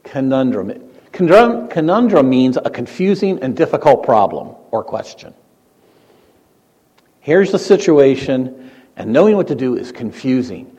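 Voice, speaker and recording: Animated preacher in a reverberant hall. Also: male voice, mid-range voice, unhurried, breathy edge. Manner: animated preaching, rising to emphatic peaks and dropping to quiet asides. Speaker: pastor. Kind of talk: sermon.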